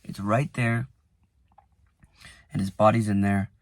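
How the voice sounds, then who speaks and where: A young man talks straight to camera from the driver's seat in a lowish voice. He rambles in loose, filler-heavy sentences and drops soft and quiet when the memories get heavy. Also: fairly even intonation, slow pace, no room sound. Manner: rambling, lots of "like" and restarts, softens when emotional. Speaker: vlogger. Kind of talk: casual reflective vlog. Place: inside a parked car.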